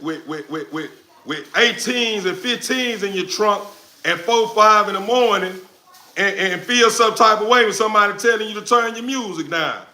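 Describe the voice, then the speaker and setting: A man on a livestream, loudly and confrontationally answering viewers in casual slangy talk, recorded without a lapel mic. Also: high voice. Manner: loud, confrontational, repetitive, slangy. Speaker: dog breeder streamer answering chat. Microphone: no lapel mic, phone or camera mic.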